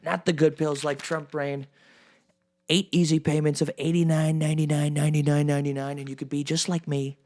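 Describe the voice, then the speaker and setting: A man's voice: fairly high pitch, lightly acted. A male comedian doing a rambling, boastful impression of an older former president who says he is losing his voice. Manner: rambling, boastful, repeats phrases.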